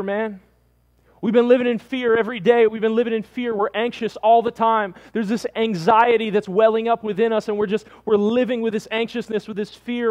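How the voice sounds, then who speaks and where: High-voiced pastor preaching with repetition. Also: male voice. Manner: repeats lines for emphasis, calls listeners "man". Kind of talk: sermon.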